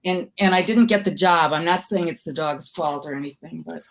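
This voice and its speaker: Older woman guest, lowish voice, dry self-mocking storyteller. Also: brisk. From Milwaukee, USA. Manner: wry, self-deprecating, anecdotal. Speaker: guest, comedy writer. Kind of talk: casual interview, storytelling.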